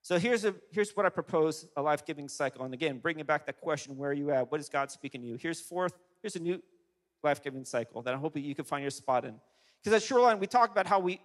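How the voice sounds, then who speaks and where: A male pastor preaching a sermon to a congregation, animated and emphatic, with frequent restarts. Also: fairly high pitch. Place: large church hall. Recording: long hall reverb.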